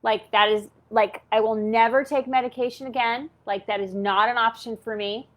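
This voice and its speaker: A woman's voice: a little high, fairly even intonation, moderate pace. A woman in her fifties telling a personal story in a candid, chatty way, full of "like" and "okay?". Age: 50s. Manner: chatty, peppers talk with "like" and "okay?". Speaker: channel host.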